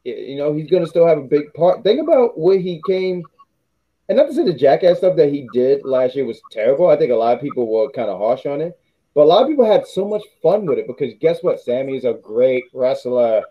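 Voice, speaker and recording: A man's voice: a little high, very animated, brisk, muffled recording. A man co-hosting a wrestling podcast, talking in a rambling, casual way that often corrects itself. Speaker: podcast co-host.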